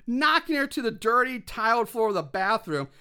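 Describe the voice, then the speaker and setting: Bright-voiced man animatedly recapping a movie. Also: extremely high pitch, normal speed, clear, resonant tone. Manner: animated storytelling, acts out characters' lines, lots of "like". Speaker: podcast co-host recapping a film. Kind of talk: casual movie recap chat.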